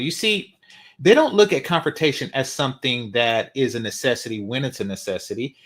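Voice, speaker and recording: A man's voice: mid-range voice, sing-song, quick pace, a bit bright. A man reacting to a video, mocking and emphatic, repeating his points for effect. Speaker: reaction commentator.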